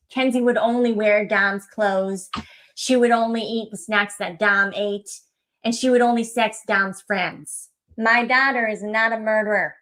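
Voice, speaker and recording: A woman's voice: a little high, a bit bright. A woman acting as a self-pitying mother in a comedy parody, mock-sobbing and sarcastic. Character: self-pitying mother of a young woman, fake-tearful and mocking. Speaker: actor in a parody sketch.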